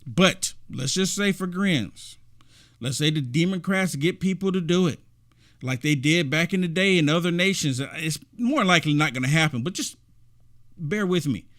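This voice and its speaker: A man's voice: on the high side, expressive, moderate pace, a bit bright. A man giving emphatic, repetitive reaction commentary on a video clip.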